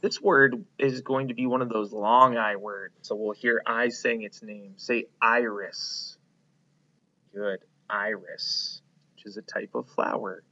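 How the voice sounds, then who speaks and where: Guy teaching kids their letters, slow and encouraging, bright voice, kinda dull lo-fi sound. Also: lowish voice, fairly even intonation. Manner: slow, encouraging, prompts children to repeat words. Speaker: kindergarten teacher. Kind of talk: phonics lesson for young children.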